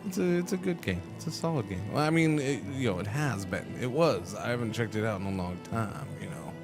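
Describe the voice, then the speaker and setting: A man with a lowish voice streams a game live and talks loosely to his chat. He rambles, stammers and repeats himself as he answers messages. Game music plays clearly underneath. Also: brisk.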